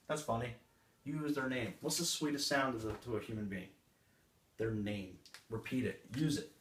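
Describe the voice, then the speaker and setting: At a live sales seminar, a man coaches the audience in a punchy style, acting out brief customer exchanges along the way. His voice is medium in pitch and fairly bright, and his pace is moderate. The capture is roomy and distant, with a little hiss or hum.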